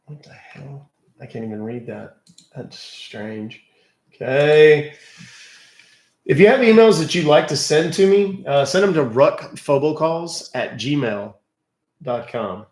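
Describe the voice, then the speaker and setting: A man's voice: on the high side, slow, a little mellow. Sarcastic man streaming in a roomy space. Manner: sarcastic, teasing, chatty. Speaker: scam-baiting live streamer. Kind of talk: casual live-stream chat.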